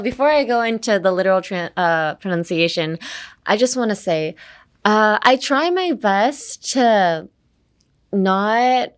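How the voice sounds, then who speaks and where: A young woman with a Californian accent, hosting a casual bilingual English lesson, chatty and switching between Japanese and English. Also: mid-range voice. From Los Angeles, California. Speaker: English teacher and podcast host.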